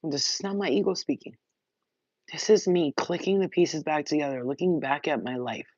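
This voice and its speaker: A woman spiritual reader talks straight to her viewers in an excited, rambling way, worked up and emotional, with a casual curse here and there. The recording is dry and close, with a slightly dull, muffled sound. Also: deep voice, normal speed, no echo. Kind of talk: emotional channeled message to viewers.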